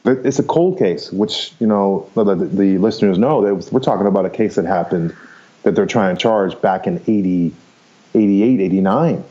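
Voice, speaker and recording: Man, 50s, podcast guest, very low voice, frank storyteller, muffled audio. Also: moderate pace, dark tone. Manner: frank, rambling, laughs easily, swears casually. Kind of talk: candid storytelling interview.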